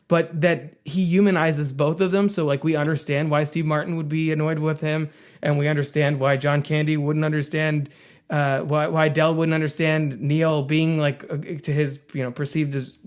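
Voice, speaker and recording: Thoughtful man, slightly high voice. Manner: thoughtful, halting restarts. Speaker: podcast co-host. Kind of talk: casual film discussion.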